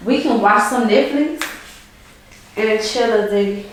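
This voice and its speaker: A young woman hosting a prank vlog, loud and slangy with a sassy attitude. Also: fairly high pitch, takes it slowly, distant mic, slight background noise. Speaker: vlog host. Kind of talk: prank vlog, casual chat. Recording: very echoey room, a bit off-mic, with faint music.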